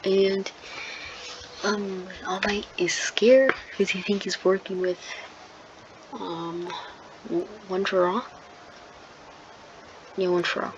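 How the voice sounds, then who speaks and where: A woman's voice: mid-range voice, steady tone, slow, pauses often. A woman improvising a fan-fiction retelling, rambling with many ums, likes and restarts. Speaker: storyteller. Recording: dull lo-fi with loud noise.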